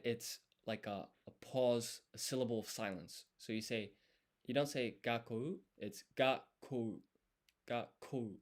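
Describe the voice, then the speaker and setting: A man studying on a live stream, thinking aloud as he writes and explaining each step in a deliberate, self-correcting way. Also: mid-range voice. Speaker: language learner streaming his study.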